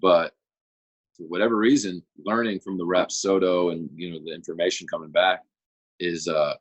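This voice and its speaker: Low husky-voiced young man. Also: normal speed, highs cut off. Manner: relaxed, rambling with fillers. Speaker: guest, pro baseball pitcher. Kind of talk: casual interview chat.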